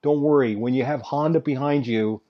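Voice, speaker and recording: A man co-hosting a racing podcast, teasing in a slow, wry way. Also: medium pitch. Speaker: podcast co-host. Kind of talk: casual banter. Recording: dull lo-fi audio.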